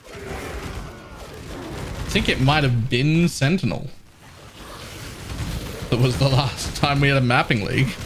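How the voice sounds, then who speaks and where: A man's voice: mid-range voice, unhurried, pauses often, noisy background. A man chatting casually while live-streaming a game, wry and ranting, repeating lines for emphasis.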